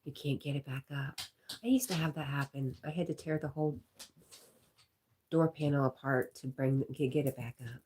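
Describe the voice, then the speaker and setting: A woman's voice: a bass voice, fairly even intonation, moderate pace, a little hiss or hum. A woman hosting a casual livestream, reading viewer comments aloud, laughing often and talking to her dog. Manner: reads chat aloud, talks to her dog; laughs often, drops to soft murmurs. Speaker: livestream host.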